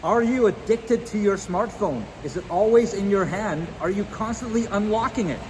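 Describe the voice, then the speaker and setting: Quiet man rehearsing over waterfall noise. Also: sits high, moderate pace. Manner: quiet, held-back delivery. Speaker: coaching client. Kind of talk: rehearsing scripted questions. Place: outdoors by a waterfall. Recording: roaring waterfall noise, reverberant.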